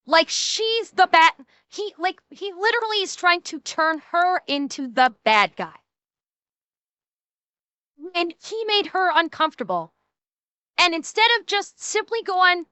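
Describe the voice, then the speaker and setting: A woman's voice: very high voice, expressive, measured pace, sharp tone, no room sound. A woman streamer giving blunt, heated, profane commentary while reacting to clips.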